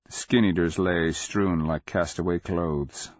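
Deep, slow male audiobook narrator. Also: steady tone, no room sound. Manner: measured, deliberate, dramatic. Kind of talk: scripted literary narration. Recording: slightly muffled dry recording.

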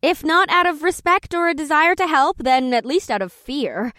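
A man voicing a calm, formidable female werepanther archaeologist in a matter-of-fact way. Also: very high-pitched, normal speed, dry recording, studio quality, pitched above the performer's own voice.

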